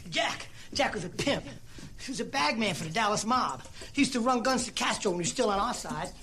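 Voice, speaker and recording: A paranoid middle-aged conspirator rambles and curses in a high, strained voice. A film scene with a loud musical score running under the dialogue. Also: male voice, expressive, fairly quick, over music. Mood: cynical rambling. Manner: profane, cynical, rambling.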